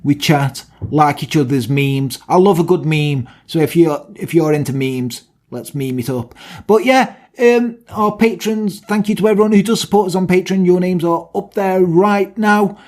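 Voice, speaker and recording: A man's voice: high-pitched, moderate pace, a little mellow. A young man co-hosting a podcast, chatty and self-mocking in casual talk. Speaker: podcast co-host.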